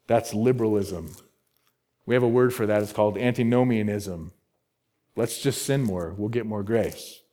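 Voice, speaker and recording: Lively, emphatic male preacher. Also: on the high side. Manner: emphatic, repeats key words, rhetorical questions. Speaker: pastor. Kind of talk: expository sermon.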